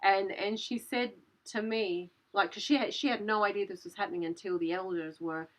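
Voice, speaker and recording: A woman in her thirties recounts a story to camera, her voice sitting at an ordinary middle pitch. She talks in an animated, breathless rush, leaning on "like" and casual swearing. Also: moderate pace, few pauses, rough recording. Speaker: channel host.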